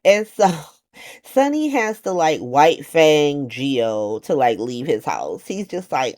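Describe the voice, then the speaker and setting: A woman giving a casual, slangy recap of a soap opera, sarcastic and animated, acting out the characters' lines in playful voices. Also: low-pitched, slow.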